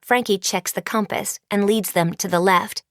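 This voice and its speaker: A woman reading a storybook audiobook in a measured, suspenseful way. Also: medium pitch, fairly even intonation, no room sound, studio quality. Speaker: audiobook narrator. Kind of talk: scripted storybook narration.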